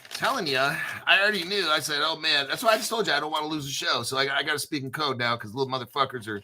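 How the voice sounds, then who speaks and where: A man's voice: on the high side, fairly quick, pauses often, pushed and bright, a little hiss or hum. A man hosting a crypto show, talking in a hyped, conspiratorial, profane way. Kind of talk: excited crypto commentary.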